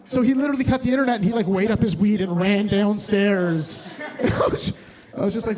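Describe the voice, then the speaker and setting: A brisk stand-up comedian with a high voice and a darkish tone rambles crudely through a live bar set. He keeps cutting himself off mid-sentence as crowd noise and audience laughter come through.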